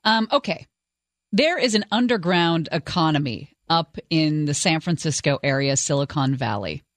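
A talk radio co-host with an expressive, slightly bright, medium-pitched voice offers wry, exasperated commentary and reads show teasers at a normal speed. The casual banter is captured dry on a studio microphone.

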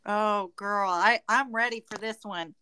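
A woman's voice: mid-range voice, a little slow, pushed and bright, clean tone, dry recording. A woman co-hosting a casual podcast chat with affectionate interjections. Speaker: podcast co-host.

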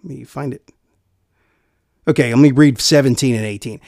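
A man preaching a sermon in an earnest way, repeating key phrases and going soft for quiet lines. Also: medium pitch, moderate pace, gravelly, long pauses, no room sound, studio quality.

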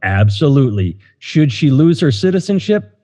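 A man's voice: medium pitch, sing-song, moderate pace, dark tone. A middle-aged man hosting a casual podcast, rambling and hesitant with many fillers. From United States. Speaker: podcast host. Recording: dull, lo-fi, in a reverberant room.

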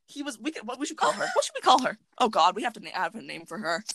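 A young woman hosting a podcast, telling a story in a casual chat with animated, profane storytelling and acted-out quotes. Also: fairly high pitch, fast talker, breathy edge, dry recording. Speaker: podcast host.

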